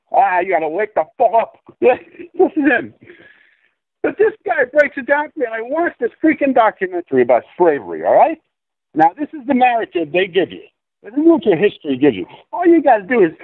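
A man's voice: sits high, no room sound. A man on a call-in interview, ranting in a profane, insistent, lecturing way. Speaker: guest. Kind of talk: conspiracy rant in a call-in interview. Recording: tinny phone-line audio.

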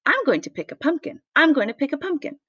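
A woman doing an excitable little boy frog, squealing high. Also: quick pace, dry recording, muffled recording. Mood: excited. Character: excitable young boy frog, bouncy and eager.

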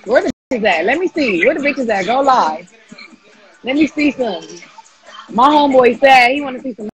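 A woman chatting loudly on a livestream, taunting and laughing in brash slang. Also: sits high, expressive, moderate pace, slightly rough, poor audio. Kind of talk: casual livestream chat.

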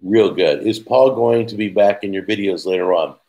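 A middle-aged man hosts a casual live chat and answers his viewers. His voice sits a little low, and he rambles from one story to the next, with quick asides and chuckles at his own jokes. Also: warm tone, rough recording. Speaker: host.

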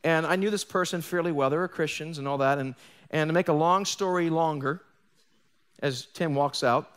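A fairly high-voiced man delivering a live sermon from a church. He preaches in an animated storytelling way, with joking asides, and acts out the lines of the people in his stories. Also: moderate pace, clear, resonant tone. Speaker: pastor. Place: church sanctuary.

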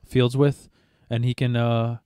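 A man's voice: mid-range voice, level tone, takes it slowly, dark tone, smooth, no echo. A man in casual podcast chat, rambling through a story with plenty of swearing and stumbling restarts. His voice sits in an ordinary middle register, and it is recorded close and dry with little room sound. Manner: rambling, profane, stammers and restarts. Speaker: podcast host.

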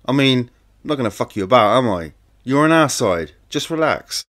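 A man voicing a brisk male police handler who is impatient but reassuring. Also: mid-range voice, lively intonation, fairly bright tone, pitched above the performer's own voice, natural voice. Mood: dismissive.

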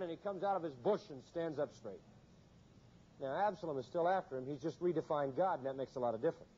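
A man's voice: fairly high pitch, quick pace, warm tone, a little hiss or hum. A man preaching a sermon, emphatic and repetitive, with a rhythmic pulpit cadence. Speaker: pastor. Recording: dull lo-fi sermon recording.

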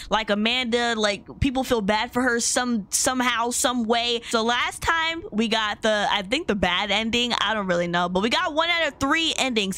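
A woman's voice: on the high side, sharp tone. A woman hosting a gameplay video, chatting casually to her viewers and getting easily startled. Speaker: gaming video host.

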